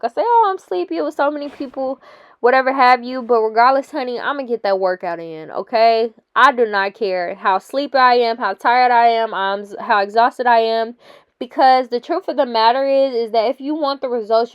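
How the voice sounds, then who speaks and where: Young woman vlogger, chatty and encouraging, smooth higher voice, dry and slightly dull sound. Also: no room sound. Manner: chatty and encouraging, laughs often, says "honey" and "guys". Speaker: fitness vlogger. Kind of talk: casual workout vlog voice-over.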